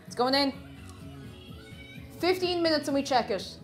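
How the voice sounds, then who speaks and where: A woman's voice: sits high, expressive, moderate pace, pauses often, soft background music. Gushing, chatty woman streamer. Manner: chatty and gushing, reads viewer comments aloud. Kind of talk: casual chat while baking on a livestream. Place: home kitchen.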